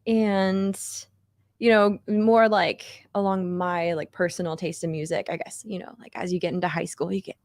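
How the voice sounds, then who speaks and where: A woman's voice: lowish voice, normal speed, no echo. A woman in her twenties, a singer-songwriter being interviewed, chatting casually with lots of "like" and "you know". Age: 20s. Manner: relaxed, fillers like "like" and "you know", laughs easily.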